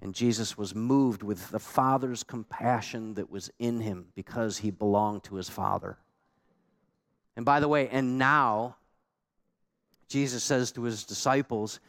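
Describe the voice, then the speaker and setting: A man's voice: medium pitch, steady tone, a little slow, a bit bright. A man preaching a sermon as pastor, emphatic and conversational, with many rhetorical questions to the congregation.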